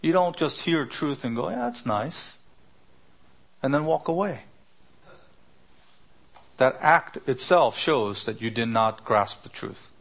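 A man's voice: medium pitch, unhurried, pauses often, a bit bright. Middle-aged male preacher, teacherly expository style, mid-range voice. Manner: teacherly, explains Greek word roots with rhetorical questions. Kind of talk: expository sermon.

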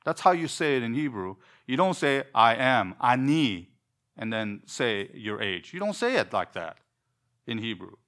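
A man's voice: mid-range voice, sing-song, a little slow, fairly bright tone. A man teaching a Bible lesson, explaining words emphatically and repeating himself as he thinks.

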